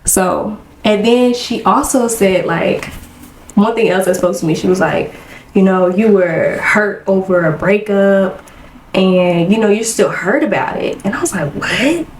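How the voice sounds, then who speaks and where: Young woman reflecting out loud on a podcast, says like a lot, roomy echo, bit of hiss. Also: medium pitch, a little slow. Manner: reflective, fillers "like" in nearly every line. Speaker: podcast co-host. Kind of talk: casual chat.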